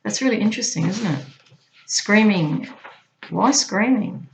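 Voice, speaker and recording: A woman's voice: medium pitch, lively intonation, a little slow, gravelly, slight background noise, low-quality recording. A woman hosting her channel, reading from a transcript and commenting in a chatty way, often posing rhetorical questions to the listener. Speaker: channel host.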